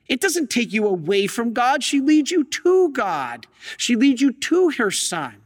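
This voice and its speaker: Male priest with a very high-pitched voice, preaching an emphatic sermon, heard in a long echoing hall. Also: a bit bright. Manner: emphatic storytelling with rhetorical questions.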